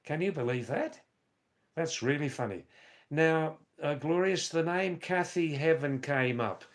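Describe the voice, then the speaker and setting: A man hosting a live stream, reading out viewers' chat comments and answering them in a slow, rambling way with dry teasing asides. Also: a little high. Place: Nepal or India.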